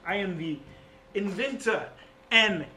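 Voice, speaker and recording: A man voicing a boastful male fire genasi inventor and shopkeeper, pitching himself like a grand salesman. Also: takes it slowly, bright, forceful tone, heavily acted.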